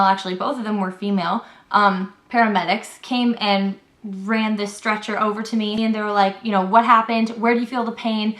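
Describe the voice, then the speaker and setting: A woman's voice: mid-range voice, fairly bright tone. A young woman telling a story in a casual vlog, chatty and full of "like", acting out what everyone said. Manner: chatty retelling, heavy on "like" and "I was like", acts out quotes. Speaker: vlogger. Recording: roomy echo.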